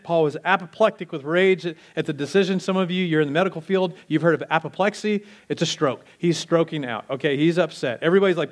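Male pastor, casual animated sermon delivery, voice a bit high. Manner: animated, conversational preaching with acted-out quotes.

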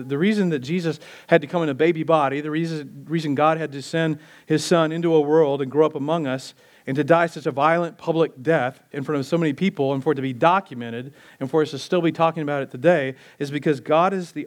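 A male pastor preaching a sermon in a conversational style, firing rhetorical questions and dropping low and slow on key phrases.

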